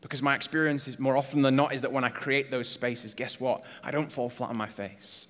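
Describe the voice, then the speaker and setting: A man's voice: mid-range voice, steady tone, brisk, fairly bright tone. A man preaching a sermon as a pastor, conversational and earnest, asking the congregation rhetorical questions. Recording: long reverb of a church hall.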